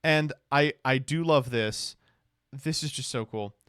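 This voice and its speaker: A man streaming casual reaction commentary, animated, swearing freely and laughing often. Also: medium pitch, a little slow, clean tone, no echo, clean studio sound.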